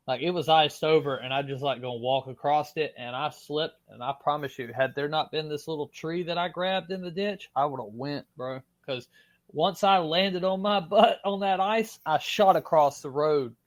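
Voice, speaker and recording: A man from Florida with a strong Southern US accent, a podcast guest telling his story in a loose, animated way, full of fillers and casual swearing. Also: fairly high pitch.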